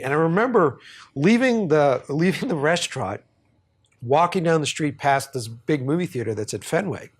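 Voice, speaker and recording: A man from Boston with a somewhat high voice, spinning a long anecdote on a podcast. He rambles, swears freely and laughs his way through the story, in the loose tone of casual chat. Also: animated, moderate pace, husky. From Boston, USA. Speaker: podcast host.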